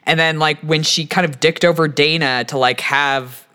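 Bright-voiced blunt woman podcaster. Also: deep voice, fairly even intonation, normal speed, clear, resonant tone. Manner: blunt and casual, swears freely. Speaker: podcast co-host. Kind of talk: casual chat about reality TV.

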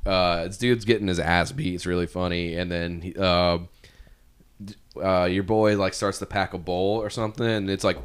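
A podcast host casually retells a movie plot, rambling, swearing freely and laughing at his own retelling. His voice sits low and sounds smooth with a fairly bright tone.

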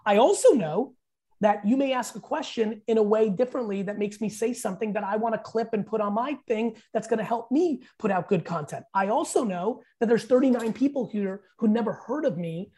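Husky, mellow-voiced man telling stories emphatically. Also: sits high, a little fast. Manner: profane, emphatic storyteller who acts out quotes. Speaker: podcast guest. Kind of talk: casual podcast chat.

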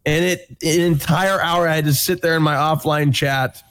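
A man's voice: on the high side, fairly even intonation, normal speed, a bit bright. A man telling an exasperated story in a casual group voice call, swearing and mimicking people.

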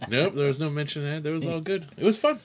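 A man's voice: a little high, expressive, quick pace, background noise. A man hosting a casual chat show, telling stories in a rambling way with many restarts and laughs. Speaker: host.

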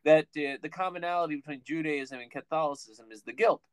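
A man's voice: on the high side, fairly quick, clear, resonant tone. A man from Guam, a stand-up comedian joking and rambling irreverently in a casual chat.

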